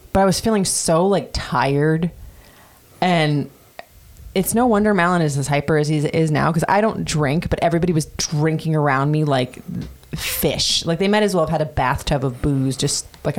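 A woman in her thirties casually telling a personal story on a podcast, chatty and profane with many fillers. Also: sits low. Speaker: podcast host.

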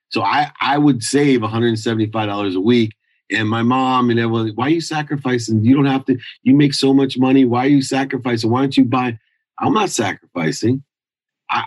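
A man's voice: fairly low pitch, husky, no echo, rough recording. A middle-aged man telling a candid life story in an interview, intense and confessional, acting out the people he quotes. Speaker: guest.

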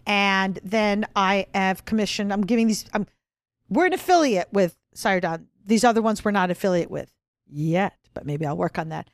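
A woman co-hosting a podcast in casual chat, chatty and excitable, often trailing off mid-sentence. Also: mid-range voice, moderate pace, no echo, studio quality. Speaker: podcast co-host.

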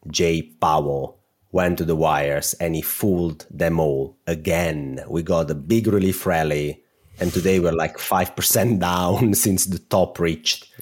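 Italian guy cohosting a money podcast, super deep voice, chatty and teasing. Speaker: podcast co-host. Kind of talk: casual finance chat.

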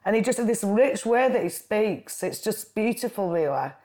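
Guest: Bolton-accented woman, 40s, animated storyteller, casual chat. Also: mid-range voice, moderate pace. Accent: Lancashire (Bolton). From Bolton, Lancashire. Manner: lively, chatty storyteller with quoted voices. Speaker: guest, writer and comedian. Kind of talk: casual conversation.

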